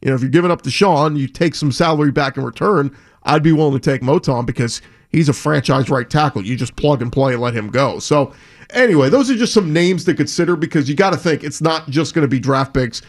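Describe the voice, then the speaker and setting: A man's voice: on the high side, fairly quick. Man co-hosting sports talk. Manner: conversational, reads reports then lists players. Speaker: sports talk radio co-host.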